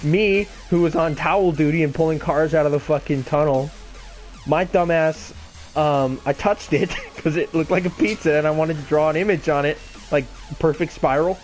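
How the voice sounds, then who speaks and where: A man's voice: a little high, moderate pace, darkish tone, soft background music. A man in his twenties telling a casual, rambling story full of swearing and self-mocking laughs. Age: 20s. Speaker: gaming channel host.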